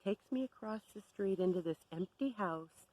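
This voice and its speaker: A woman's voice: medium pitch, expressive, moderate pace, dark tone, no echo, poor audio. A woman telling a story to camera in a sardonic, exasperated rant. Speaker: vlogger.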